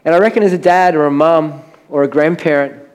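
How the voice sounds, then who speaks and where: A high-pitched man preaches from a church stage. He tells Bible stories with animation and acts out the voices of the characters. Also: fairly quick, darkish tone, clear, resonant tone. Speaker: pastor. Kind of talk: sermon.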